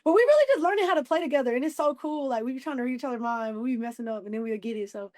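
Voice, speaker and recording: A woman in her twenties, a rookie basketball player, answering interview questions in a casual, slangy, animated way. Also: sits high, rapid-fire, no echo, studio quality. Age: 20s. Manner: lively, laughing, slangy, lots of "you know what I'm saying".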